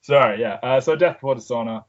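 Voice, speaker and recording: A man's voice: medium pitch, fast. An English man hosting a podcast in casual chat, with a dry, sarcastic way of joking. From England. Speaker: podcast host. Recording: dull lo-fi recording.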